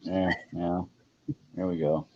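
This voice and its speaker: A man's voice: deep voice, flat delivery, slow pace, a crowd in the background. Chatty man on a lo-fi stream. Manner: chatty, laughs often, jokes with viewers. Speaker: host. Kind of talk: casual livestream chat. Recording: dull lo-fi stream audio with faint noise.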